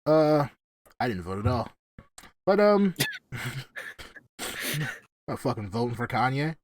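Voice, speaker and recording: A man hosting a casual podcast chat, talking excitably, swearing freely and laughing often. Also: mid-range voice, takes it slowly, slight background noise. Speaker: podcast host. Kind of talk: casual gaming-friends chat.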